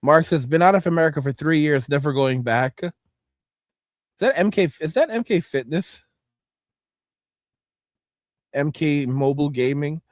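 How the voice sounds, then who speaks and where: A man hosting a casual livestream, reading chat comments and reacting, cursing and repeating himself, with frequent throat clearing. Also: fairly high pitch, expressive, normal speed, dry recording, studio quality.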